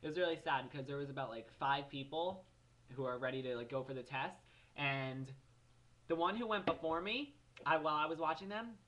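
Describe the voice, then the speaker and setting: A man's voice: fairly high pitch, fairly quick. A seventeen-year-old young man from New Jersey, ranting animatedly and profanely in a casual vlog. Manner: animated, profane, exasperated storytelling. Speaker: vlogger.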